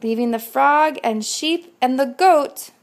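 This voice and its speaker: A woman volunteer reading a rhyming picture book aloud, slow, rhythmic and expressive. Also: high-pitched. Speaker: volunteer reader.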